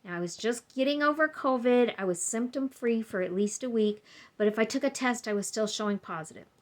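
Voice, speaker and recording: Speaking a little fast in a slightly high voice, a woman vlogger rambles casually through a personal story to her camera at home. She's chatty and performs the lines of the people she quotes.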